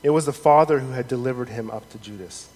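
A man preaching a sermon in an earnest, measured way, reading scripture aloud with rising emphasis. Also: mid-range voice, darkish tone. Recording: long hall reverb, faint noise.

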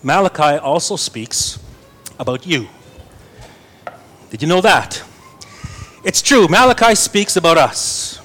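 A young man with a slightly high voice delivers a sermon. He reads scripture with earnest weight and breaks in with light, playful asides. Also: sing-song, takes it slowly, pauses often, a bit bright. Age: young adult. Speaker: pastor.

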